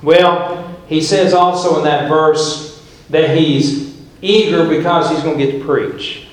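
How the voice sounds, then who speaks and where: A man's voice: fairly high pitch, slow pace. A male pastor preaching a sermon, emphatic, and painting scenes as he tells the story. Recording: very echoey church room.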